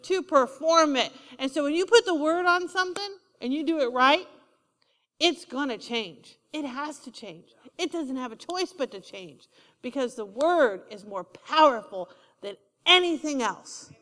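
High-voiced woman preaching in a reverberant hall. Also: animated, a little slow, a bit bright. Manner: emphatic, repeats key lines, asks the congregation for responses. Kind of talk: sermon.

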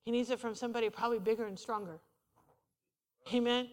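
Woman preacher, high voice, chatty and funny sermon, call-and-response, reverberant church hall. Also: steady tone, fast talker, a little mellow. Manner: conversational, humorous, call-and-response. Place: church sanctuary.

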